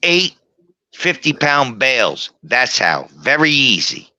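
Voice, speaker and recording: A middle-aged man holds court with boastful, profane stories, his voice bright and forceful and his pitch leaping around. He gets combative when challenged. The sound is dry and close. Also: very animated, slow, no echo. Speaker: guest storyteller. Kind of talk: rowdy bar-room storytelling.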